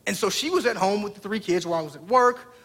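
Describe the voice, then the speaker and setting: A man's voice: high voice, animated, fast talker, fairly bright tone. A man in his thirties, a pastor preaching a sermon through a family story, talking conversationally and putting direct questions to the congregation.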